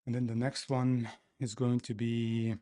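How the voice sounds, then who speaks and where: A man talking to himself as he codes, complaining loudly, then explaining each step casually. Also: medium pitch, little pitch movement, a little slow. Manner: exasperated, talks to himself while coding. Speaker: developer livestreaming his coding. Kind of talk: casual coding commentary.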